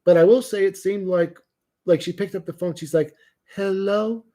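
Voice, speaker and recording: A man hosts his livestream in a dark, mellow voice of middling pitch. He talks bluntly and swears freely. His speech rambles and often restarts mid-thought. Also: fairly even intonation, a little fast. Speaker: livestream host. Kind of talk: rambling casual livestream chat.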